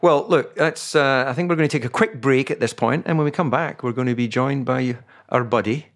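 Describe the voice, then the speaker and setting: A man's voice: medium pitch, brisk, a bit bright. A man co-hosting a podcast in casual chat, teasing his partner wryly and reading out listener questions. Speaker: podcast co-host.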